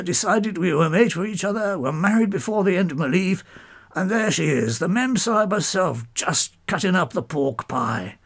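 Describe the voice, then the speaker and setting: A man's voice: a little high, gravelly, husky. A man telling a first-person story in a clipped, old-fashioned, genial manner.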